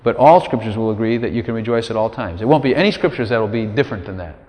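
A man's voice: lowish voice, very fast, darkish tone. A man preaching an informal sermon in a conversational, folksy way, often dropping asides to his listeners. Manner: conversational, folksy, many "you know" asides; acts out quoted prayers in a raised voice. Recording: long hall reverb.

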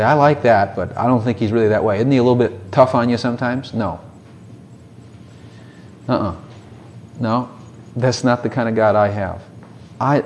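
A man's voice: medium pitch, a little mellow, a little hiss or hum. A man preaching a sermon in a conversational way, with many rhetorical questions and short mocking voices.

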